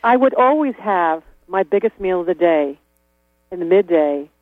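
A man's voice: sits high, animated, normal speed, no room sound. A man talking casually as an interview guest, chatty, laughing often and restarting his sentences. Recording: tinny phone-like line with mains hum.

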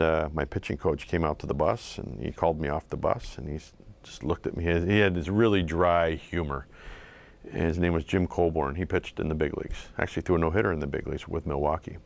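A middle-aged former ballplayer from southeastern Pennsylvania talks through his memories in a very low voice. He speaks haltingly, with many fillers and restarts, reflective and unhurried in a casual interview. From southeastern Pennsylvania, USA. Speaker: former pro pitcher, guest.

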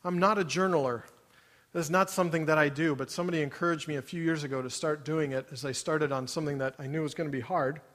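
A man preaches with a high, bright-toned voice, pressing his listeners with emphatic rhetorical questions. His words ring out with a long reverb, as if spoken in a large church sanctuary. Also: steady tone, fast talker. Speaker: pastor. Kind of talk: sermon.

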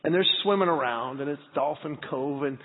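A middle-aged man preaches in a large church hall, acting out every bit of dialogue in his story. His voice sits a touch high for a man. The sound is thin and phone-like, with a long reverb trailing each phrase. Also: fairly quick. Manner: animated, acts out dialogue in the story. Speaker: pastor. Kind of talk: storytelling sermon.

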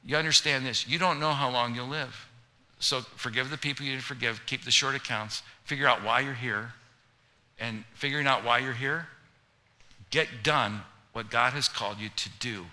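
A man preaching a sermon, chatty and joking, then building to loud, emphatic preaching. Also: mid-range voice, normal speed. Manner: conversational, humorous, rising to loud emphatic preaching. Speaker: pastor.

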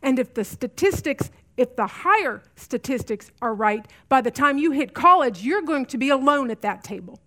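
Middle-aged woman teacher, slightly high voice, earnest, repeats key lines for emphasis. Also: animated, moderate pace, few pauses, fairly bright tone. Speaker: women's Bible study teacher. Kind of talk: teaching talk to a women's group.

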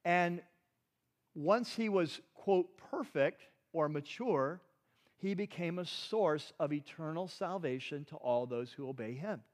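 A man's voice: a little high, slow. A man preaching a sermon, teaching animatedly and asking the audience rhetorical questions. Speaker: pastor.

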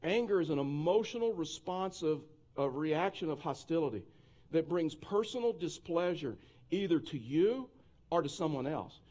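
A man's voice: a little high, animated, normal speed, a little mellow. Man preaching in a conversational style. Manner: conversational preaching with frequent restarts. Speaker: pastor. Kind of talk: sermon.

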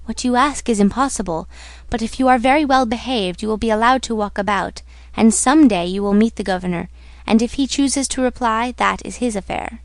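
A woman's voice: on the high side, fairly quick, dry recording, close to an everyday voice. A woman reading a scolding prison jailer. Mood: dismissive. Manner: dismissive, scolding. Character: gruff middle-aged male jailer, wary. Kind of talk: audiobook reading.

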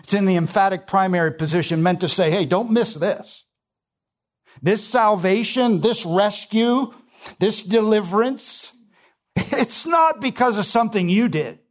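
A man preaching a sermon, emphatic, repeating key phrases and swinging between quiet and loud passages. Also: sits high, measured pace. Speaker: pastor.

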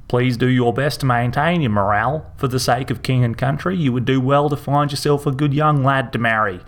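A man's voice: medium pitch, a little fast, close to an everyday voice. A man doing a stern disapproving townsman. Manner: pointed, disapproving.

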